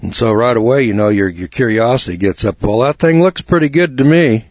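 A man's voice: mid-range voice, a little fast, a little mellow, no echo, muffled recording. A man hosting a talk radio show, rambling in a folksy, blunt way with lots of fillers and restarts.

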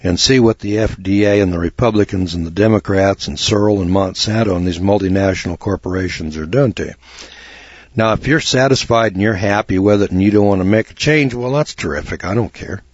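Folksy low-voiced radio talk host, husky. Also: male voice, brisk, no room sound, lo-fi sound. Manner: folksy, rambling, blunt, with many fillers and restarts. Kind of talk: rambling talk radio commentary.

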